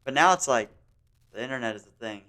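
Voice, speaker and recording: A man's voice: medium pitch, animated, quick pace, sharp tone. A young man co-hosting a podcast, joking and sarcastic in crude casual chat. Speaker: podcast co-host.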